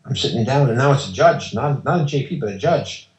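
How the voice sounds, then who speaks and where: A man's voice: mid-range voice, expressive, fairly quick, a little mellow. A man as an interview guest, telling a personal story in an emphatic, insistent way and acting out the exchanges. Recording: roomy echo.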